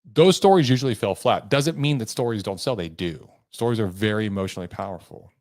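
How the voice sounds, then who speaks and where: An emphatic man coaching listeners on sales in a motivational solo podcast, speeding up and slowing down for effect. His voice sits fairly low, and the recording is dry with little room sound. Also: a little mellow, no echo. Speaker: podcast host and sales trainer.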